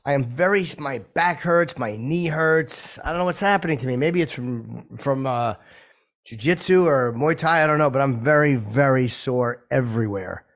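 A man's voice: medium pitch, moderate pace, a bit bright. A man co-hosting a podcast, wry and mock-complaining in casual banter. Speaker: co-host.

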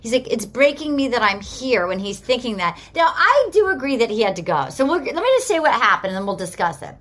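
A woman co-hosting a podcast, chatting casually and retelling scenes with lively quoting. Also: fairly high pitch, fast. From Australia. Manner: animated storyteller, quotes people in a lively way. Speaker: podcast co-host. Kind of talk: casual chat recapping a reality show.

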